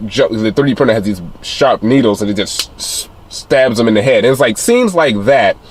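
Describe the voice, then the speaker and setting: A man's voice: animated, fairly quick. A man casually recapping a film's plot as a reviewer, rambling with many fillers. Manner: rambling retelling with many fillers, acting out quotes in a higher voice. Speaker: film reviewer. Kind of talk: casual spoiler recap of a film.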